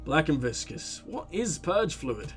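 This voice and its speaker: A man's voice: a little high, big pitch swings, a little slow, soft background music. A man hosting a let's play, reading game text aloud with joking, rambling commentary and frequent slips over words.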